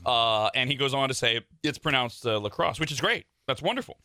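A man's voice: mid-range voice, expressive, brisk, dry recording, clean studio sound. Wry, sarcastic radio host man. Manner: wry, sarcastic and rambling, with bursts of shouting. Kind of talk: morning radio banter. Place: radio studio. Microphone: studio microphone.

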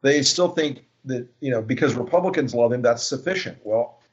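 A man's voice: mid-range voice, lively intonation, moderate pace. A man talking politics as a guest, sardonic and full of false starts. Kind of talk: casual political discussion. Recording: dull lo-fi sound.

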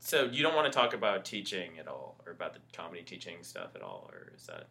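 A man's voice: low voice, wildly swooping pitch, quick pace, creaky, bright, forceful tone. A man hosting a podcast, asking follow-up questions in casual chat and laughing easily. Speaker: podcast host.

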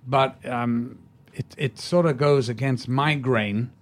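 Older actor spinning an anecdote. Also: male voice, medium pitch, takes it slowly. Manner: leisurely anecdotes with restarts and laughter. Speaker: actor, interview guest. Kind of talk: storytelling in a podcast interview.

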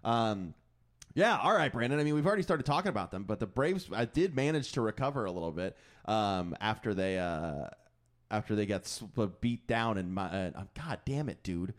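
Low-voiced, lively male podcast co-host. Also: normal speed. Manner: animated, laughs often, teasing. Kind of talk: casual sports chat.

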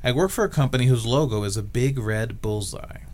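A man on a podcast reading a listener's letter aloud, deadpan. His voice sits at a middle pitch, with faint background noise behind it. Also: fairly quick. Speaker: guest.

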